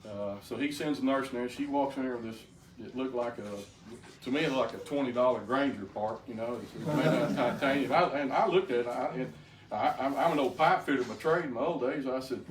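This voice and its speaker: A man's voice: mid-range voice, expressive, a little fast. Brief: older man, folksy testimony, stammering restarts, echoey room with faint noise behind. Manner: plainspoken storyteller with frequent stammered restarts. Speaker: speaker giving a personal testimony. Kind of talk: folksy personal testimony to a group. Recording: roomy, distant mic, faint background noise.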